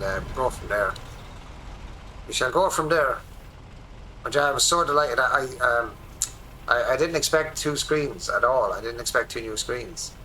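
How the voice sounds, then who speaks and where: An Irish man in his forties, a streamer rambling excitedly through casual commentary while he plays a game at his home desk. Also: medium pitch, a little hiss or hum, rough recording. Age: 40s.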